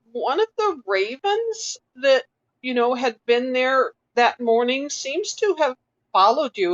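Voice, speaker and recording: A woman narrating as game master of a tabletop game, relaxed and patient, with casual fillers. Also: on the high side, dull audio.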